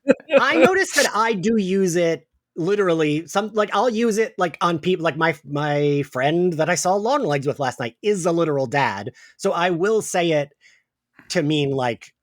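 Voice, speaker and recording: A man's voice: a little high, animated, normal speed, dry recording. Male podcast co-host, rambling and casual, dry close sound. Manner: rambling, full of "like" and restarts. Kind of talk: casual chat.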